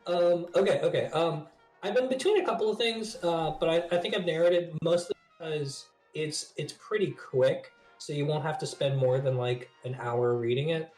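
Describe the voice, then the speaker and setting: Brief: excitable podcast co-host, man, slightly high voice, echoey room. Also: a little slow, faint music behind. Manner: excitable, swearing, laughs often. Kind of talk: casual chat.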